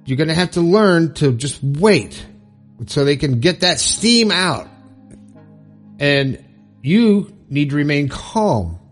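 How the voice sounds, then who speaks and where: Male self-help host, earnest and coaching, slightly high voice, light music bed. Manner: earnest, coaching, checks in with "okay?". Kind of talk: motivational advice talk.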